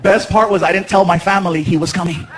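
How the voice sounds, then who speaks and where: A man doing stand-up comedy, an animated, slangy storyteller on a stage mic in a large theater. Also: sits high, quick pace, heavy background noise. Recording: echoey theater with loud crowd.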